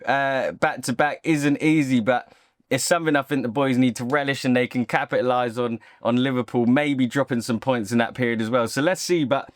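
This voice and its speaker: A man's voice: medium pitch, fairly even intonation, brisk, no room sound. A man hosting his own football channel, giving an opinionated, casual reaction monologue. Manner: opinionated, talks straight to camera.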